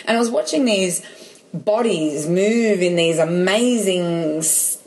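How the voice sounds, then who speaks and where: A woman's voice: fairly low pitch, expressive, takes it slowly, darkish tone. A woman chatting and telling a personal story, full of restarts and quoted dialogue. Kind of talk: casual chat, personal story.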